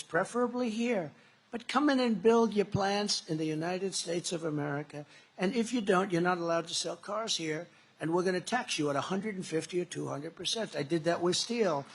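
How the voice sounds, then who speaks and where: A man's voice: high-pitched, fairly bright tone, a little hiss or hum. A man speaking as a political candidate in a campaign rally speech, rambling and repetitive with emphatic stresses.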